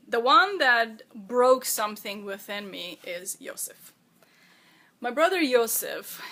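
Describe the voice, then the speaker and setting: A woman who is the author of her own memoir, speaking in a personal, reflective monologue, halting and emotional as she fights back tears. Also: medium pitch, sharp tone.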